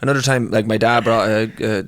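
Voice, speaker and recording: A man's voice: on the low side, fairly even intonation, fast talker, fairly bright tone, no echo, studio quality. A man in his twenties with an Irish accent, a podcast co-host telling rambling, sweary stories in casual chat. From Ireland. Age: 20s. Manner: rambling storyteller, swears a lot, breaks into laughter.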